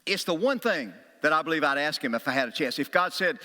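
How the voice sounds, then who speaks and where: A middle-aged pastor delivers a sermon, his bright, forceful voice carrying a long hall reverb. He preaches through stories and acts out quotes, sometimes raised, sometimes whispered. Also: a little high, animated, fast. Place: church sanctuary.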